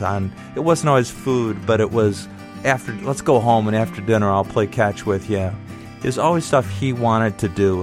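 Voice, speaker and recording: A middle-aged man telling a childhood story in a conversational, wry, nostalgic way. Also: on the low side. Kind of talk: personal storytelling.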